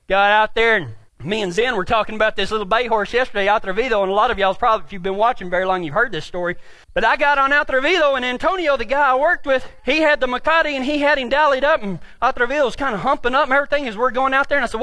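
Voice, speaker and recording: A man's voice: extremely high pitch, lively intonation, a little fast, bright, forceful tone, no room sound. A man from Texas with a Texan accent, telling a funny, folksy, self-mocking story about himself. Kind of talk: humorous storytelling.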